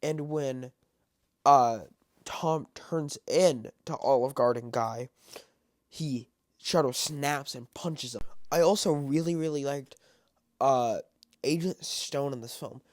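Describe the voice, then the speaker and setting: A man giving a casual spoken film review, halting and full of fillers and restarts. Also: mid-range voice, a little mellow, no room sound, studio quality. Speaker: movie reviewer.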